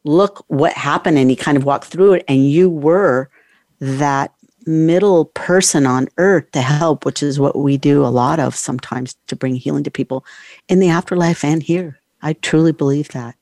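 A woman's voice: low-pitched, normal speed, a little mellow, no echo, studio quality. A woman hosting a casual chat, speaking earnestly and reflectively.

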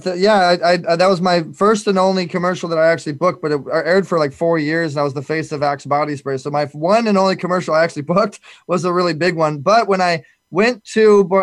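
A man hosting a casual interview, halting and often repeating his words. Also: fairly high pitch, no echo, studio quality. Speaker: host.

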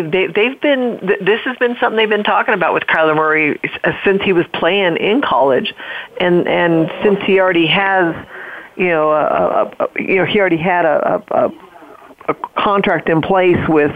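A mid-pitched host steers a casual football chat, stumbling and repeating words as they go. The audio is thin and narrow, like a phone line. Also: moderate pace. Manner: hesitant, repeats words, laughs easily. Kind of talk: casual sports talk.

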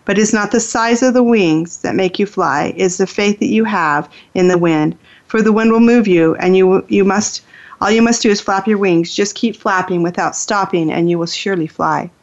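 A woman reading the lines of a wise old male crow who gently encourages a little bird, in a storybook reading. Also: medium pitch, moderate pace, natural voice. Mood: encouraging. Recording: dull lo-fi sound.

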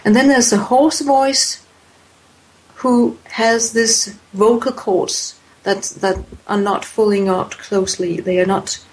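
A woman speaks slowly in an interview, weighing each phrase. She pauses often and restarts her sentences. Her tone stays thoughtful as she explains. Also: medium pitch, steady tone, slight background noise, rough recording. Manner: hesitant, many fillers and restarts. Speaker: voice expert guest. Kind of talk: interview answers.

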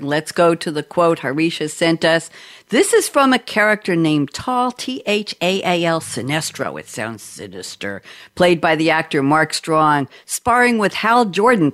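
A woman hosting a podcast and interviewing guests over a video call, chatty and lively. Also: deep voice, normal speed. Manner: chatty, lively and often amused. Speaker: podcast host.

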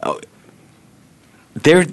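A man co-hosting a sports talk show, chatting casually and telling animated stories. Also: very slow. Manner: lively, animated storyteller. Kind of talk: casual banter.

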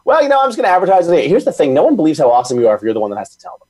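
A man chatting as a podcast guest, telling stories in quick bursts with lots of restarts. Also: a little high, a crowd in the background. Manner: rapid, animated storytelling with frequent restarts. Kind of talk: casual chat.

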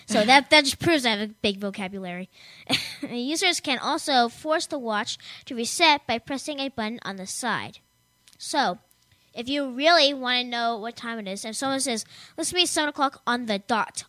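High bright giggly young woman host. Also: dry recording. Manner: giggly, rambling, jokey, reads then riffs. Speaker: show co-host. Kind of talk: casual tech show chat.

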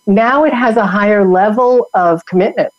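A woman's voice: mid-range voice, normal speed, no echo, highs cut off. A woman from New York, a guest who founded a women's network, talking emphatically in a motivational coaching way. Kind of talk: motivational podcast talk.

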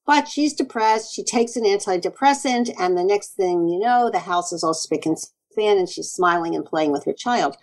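A woman naturopathic doctor speaks as an interview guest. Her delivery is earnest and animated, and she acts out quoted exchanges as she goes. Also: mid-range voice, normal speed, hardly any pauses, low-quality recording. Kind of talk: conversational interview.

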